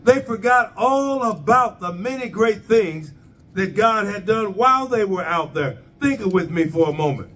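A man's voice: high voice, lively intonation, unhurried, a bit bright, distant mic. A man preaching a sermon, asking the congregation rhetorical questions and drawing their responses.

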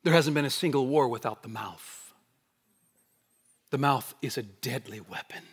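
A man preaching a sermon as pastor. He asks the congregation rhetorical questions, drives points hard, then drops to a hushed, quiet delivery. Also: mid-range voice, moderate pace, slightly rough. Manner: animated preaching, rhetorical questions, swings between loud emphasis and hushed quiet. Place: church sanctuary.

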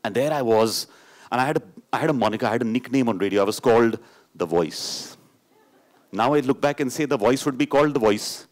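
A middle-aged man from India with an Indian English accent, telling a personal story live on stage, moving from animated, playful telling into hushed, grave narration. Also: mid-range voice, a little fast. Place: stage before an audience.

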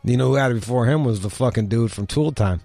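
A man's voice: mid-range voice, fast talker, vocal fry, dark tone, no room sound, faint music behind. A man hosting a comedy talk show, riffing bluntly and swearing constantly. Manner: blunt, swears constantly, riffs with mock voices. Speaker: podcast host. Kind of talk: profane comedic commentary.

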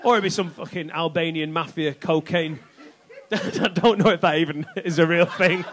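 Brash high-voiced man doing stand-up. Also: moderate pace, a bit bright. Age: middle-aged. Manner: brash, sweary, acts out quoted voices. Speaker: stand-up comedian. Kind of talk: stand-up comedy set. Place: comedy club stage. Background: faint audience laughter.

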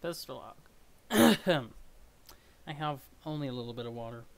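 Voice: mid-range voice, animated, unhurried, creaky. A streamer chatting casually and rambling while reading through a webcomic on a live stream. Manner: rambling, self-deprecating, chatty.

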